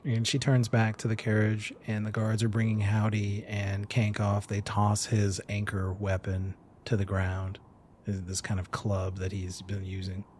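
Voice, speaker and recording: A man narrating a tabletop game as game master, describing scenes in an unhurried way. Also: fairly low pitch, monotone, a little mellow, a little hiss or hum.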